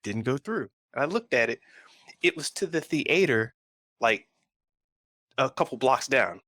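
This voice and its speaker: In an unhurried, mid-range voice, a man tells a rambling story as co-host of a pop culture podcast. His casual retelling is animated, on a dry recording.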